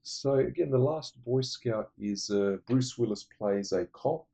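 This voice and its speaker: A man's voice: medium pitch, unhurried, creaky, mellow, slightly rough. A man rambling enthusiastically through casual film recommendations, full of fillers. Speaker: movie reviewer.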